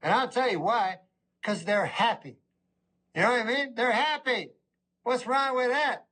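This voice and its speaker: A middle-aged man doing a stand-up comedy routine, rambling with a deadpan delivery. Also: extremely high pitch, measured pace.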